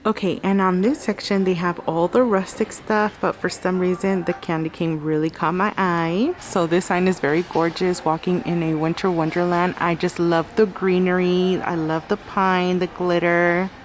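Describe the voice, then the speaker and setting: A woman's voice: on the low side, flat delivery, moderate pace, few pauses, soft background music. Chatty woman gushing over store decor. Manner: gushing, chatty, reads out sign text and prices. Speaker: vlogger. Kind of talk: casual store walkthrough vlog. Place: inside a large craft store.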